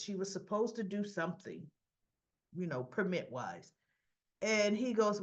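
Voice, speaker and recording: A woman's voice: medium pitch, big pitch swings, normal speed, muffled recording. A woman chatting through a casual soap opera episode recap, acting out the characters' lines as she goes.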